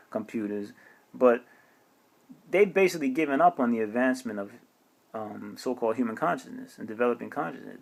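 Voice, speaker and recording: A man's voice: mid-range voice, gravelly. A man hosting his own video, ranting heatedly and swearing about society and politics, mocking what others say. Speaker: channel host. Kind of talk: spiritual rant to camera.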